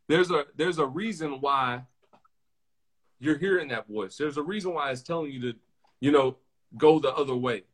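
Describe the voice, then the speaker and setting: A young man hosting a casual podcast, talking in slang and telling animated stories with lots of repeated phrases. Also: fairly high pitch, normal speed, long pauses, breathy edge. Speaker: podcast host.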